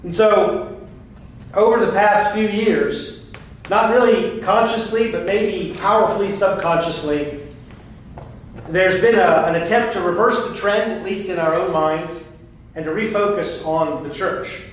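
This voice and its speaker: Emphatic pastor, higher voice, preaching from a distance in a big, reverberant hall. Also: male voice, unhurried. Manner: earnest and emphatic, with frequent restarts. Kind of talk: sermon. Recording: very echoey room, voice far from the mic, faint noise.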